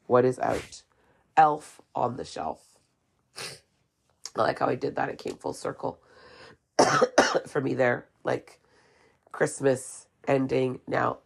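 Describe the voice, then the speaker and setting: A woman's voice: sits low, creaky. A woman hosting her own podcast, chatting casually with strong, sarcastic opinions. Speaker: podcast host. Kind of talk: casual solo podcast monologue.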